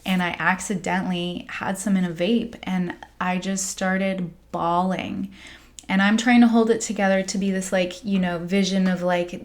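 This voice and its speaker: A woman's voice: mid-range voice, steady tone, measured pace. Candid rambling American woman. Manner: candid, rambling, with frequent "like" fillers and soft laughs. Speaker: spiritual coach and podcast host. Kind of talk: casual confessional monologue.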